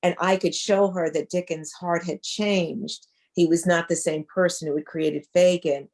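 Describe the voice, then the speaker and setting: Casting: woman author, low-ish voice, earnest and reflective, video call. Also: steady tone, measured pace, a little mellow. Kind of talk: casual chat.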